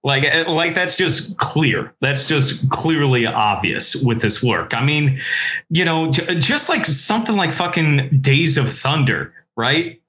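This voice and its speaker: A man's voice: on the high side, slow pace. A man hosting a casual podcast chat about films, enthusiastic and freely swearing. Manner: lively, profane, enthusiastic. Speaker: podcast host.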